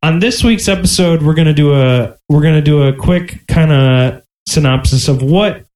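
A man's voice: fairly high pitch, moderate pace, darkish tone, poor audio. A man hosting a casual podcast, explaining the segment in a stop-and-start way. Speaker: podcast host. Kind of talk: casual chat.

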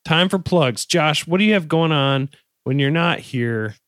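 A man hosting a casual podcast, reading out plugs and teasing his co-hosts in a relaxed, playful way. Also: on the high side, unhurried, dry recording, clean studio sound. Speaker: podcast host.

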